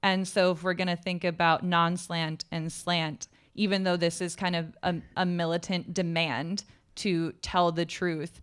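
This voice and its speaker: A woman's voice: on the low side, little pitch movement, a little slow, few pauses, clean tone. A woman in a poetry seminar, thinking aloud in long, reflective sentences. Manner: thoughtful, reflective, speaks in long clauses. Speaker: seminar participant. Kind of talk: casual seminar discussion.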